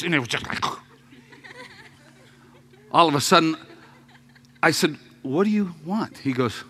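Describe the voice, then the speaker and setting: A man preaching a sermon as a story, acting out voices with laughs and sudden shouts. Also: fairly high pitch, expressive, unhurried, pauses often, husky.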